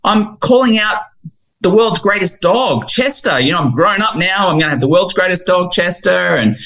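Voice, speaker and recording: A man voicing an excited, boastful eight-year-old boy in a retold film scene, gushing in a high kid voice. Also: moderate pace, poor audio. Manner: breathless, gushing, high-pitched kid impression.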